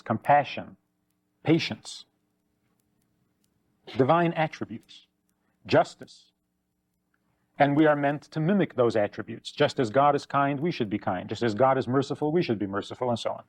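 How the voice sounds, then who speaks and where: A man's voice: a little mellow, no room sound. A man, a rabbi, giving a teaching talk, telling stories and acting out the voices of the people in them. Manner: storytelling, acts out quoted voices with rising pitch.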